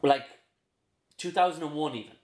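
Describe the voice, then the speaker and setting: A man, chiming in with quick, profane banter as a podcast co-host. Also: on the high side, darkish tone. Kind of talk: casual chat. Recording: roomy echo.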